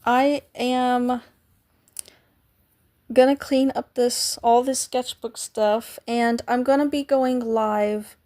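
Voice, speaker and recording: A slightly high-voiced woman chats with her live viewers in an easy, unhurried way. She giggles often and playfully sounds out foreign words, asking whether she got them right. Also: steady tone, a little mellow. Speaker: live streamer. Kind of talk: casual chat with live viewers.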